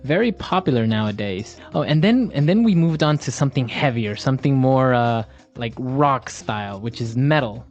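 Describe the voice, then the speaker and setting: A man's voice: medium pitch, animated, normal speed, hardly any pauses. Man, host, casual lesson chat, asks questions, slightly muffled audio, faint music. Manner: asks questions, laughs easily.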